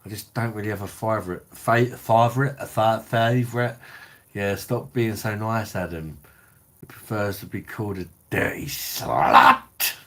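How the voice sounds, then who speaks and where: Low-voiced tipsy guy on a live stream, sweary, reading out comments. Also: a little slow, bright, forceful tone. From England. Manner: blokey, sweary, reads out viewer comments. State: tipsy from drinking. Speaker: beer review channel host. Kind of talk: casual live stream chat.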